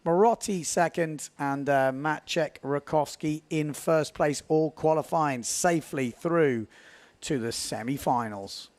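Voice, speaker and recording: A man giving live, chatty commentary on a windsurf race, building excitement at key moments. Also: on the high side, measured pace, no echo.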